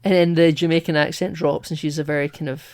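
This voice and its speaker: A man's voice: a little high, fairly even intonation, fast, a little mellow, a little hiss or hum. Male podcast co-host, casual and rambling, peppers his talk with fillers. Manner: chatty, rambling, with many fillers and restarts. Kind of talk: casual film discussion.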